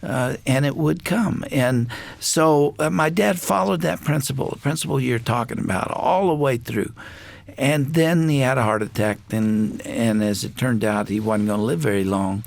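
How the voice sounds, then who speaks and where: Gravelly-voiced man telling a personal story. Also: mid-range voice, no echo. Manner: reflective, unhurried storytelling with frequent "uh" pauses. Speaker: radio show host. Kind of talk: storytelling in a studio conversation.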